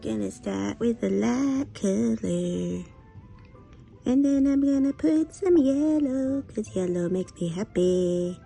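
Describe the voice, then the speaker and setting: A woman talking to herself in a casual painting vlog, unhurried and half sing-song, murmuring as she works. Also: fairly high pitch, lively intonation, creaky, warm tone, soft background music. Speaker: vlogger.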